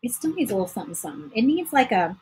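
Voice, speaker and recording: A woman's voice: a little high, very animated, very fast, background noise. A woman hosting a casual crafting livestream, chatting to viewers while she paints. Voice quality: very husky.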